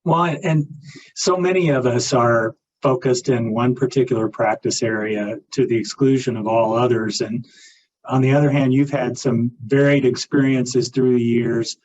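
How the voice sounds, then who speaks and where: A man's voice: mid-range voice, steady tone, normal speed, darkish tone. A man interviewing a lawyer, asking open questions about her career. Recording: dull muffled audio with faint background noise.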